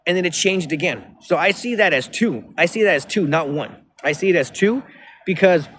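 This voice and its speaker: A man's voice: fairly high pitch, expressive, normal speed, fairly bright tone, a little hiss or hum. A man rambling profanely into his phone outdoors by a river, with many restarts. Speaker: vlogger.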